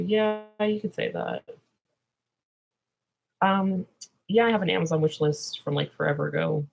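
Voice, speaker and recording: A woman's voice: fairly low pitch, fairly even intonation, measured pace, gravelly, long pauses, a little mellow, poor audio. A young woman vlogger answering viewer questions in a rambling, drowsy way that trails off into mumbles. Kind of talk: casual livestream Q&A chat.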